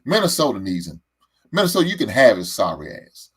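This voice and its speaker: A man's voice: medium pitch, wildly swooping pitch, a little fast, fairly bright tone, slightly rough. A man hosting a sports show, ranting heatedly about his team, stammering and repeating words as he goes. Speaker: sports podcast host. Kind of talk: animated sports fan rant.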